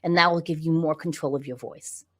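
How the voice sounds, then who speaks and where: A middle-aged woman guest on a podcast, explaining voice and breathing in an animated, conversational way with frequent check-ins. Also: sits low, brisk. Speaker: podcast guest, visibility coach. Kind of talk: conversational interview.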